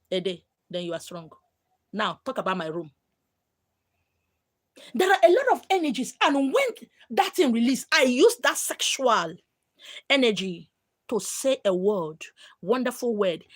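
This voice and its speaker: A Nigerian woman speaks to her live-stream viewers in a frank, storytelling way. Her voice sits somewhat high and moves a lot in pitch. She slips into pidgin and acts out what others said. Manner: animated, mixing in pidgin, acting out quotes.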